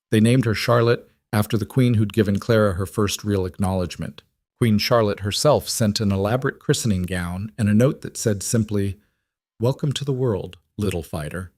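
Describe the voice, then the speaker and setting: Man reading a story out, low steady voice, dry close sound. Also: fairly quick, no echo. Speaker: narrator. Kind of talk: scripted story narration.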